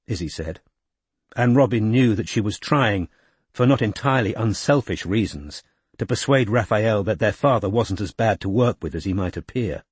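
A man narrating a novel in a measured, expressive way. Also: lowish voice, breathy edge, no room sound. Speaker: audiobook narrator. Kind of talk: scripted narration.

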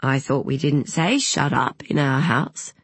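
A man's voice: mid-range voice, a little slow, creaky, a bit bright, slightly rough, dry recording, heavily acted. A narrator voicing a husband who teases his wife with dry sarcasm. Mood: teasing. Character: wry, teasing husband.

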